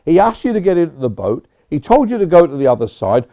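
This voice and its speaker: A man's voice: medium pitch, sing-song, brisk, hardly any pauses, warm tone. Guy preaching a sermon, chatty with personal asides, muffled lo-fi sound. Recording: dull lo-fi recording.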